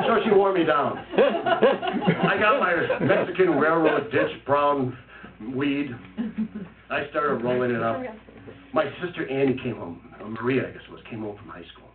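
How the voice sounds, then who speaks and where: A man telling a funny family story in an animated, laughing way. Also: medium pitch, a little slow, a little hiss or hum. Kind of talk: spoken-word storytelling with music. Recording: tinny, roomy, distant, loud guitar. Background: loud guitar music.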